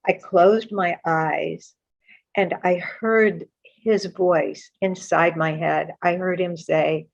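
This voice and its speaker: Woman, low voice, earnest halting storytelling, muffled lo-fi sound. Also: fairly even intonation, gravelly. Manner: earnest, halting with many restarts. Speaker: guest author. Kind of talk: personal spiritual storytelling. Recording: muffled lo-fi audio.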